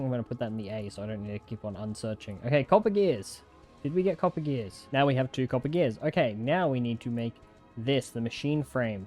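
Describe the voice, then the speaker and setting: A young man talks his way through a video game as he plays, muttering plans and breaking into sudden excited yelps. His voice sits at an ordinary middle pitch. Soft game music plays quietly underneath. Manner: chatty, talks to himself, jumpy excited outbursts. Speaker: gaming content creator. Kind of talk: live let's-play commentary.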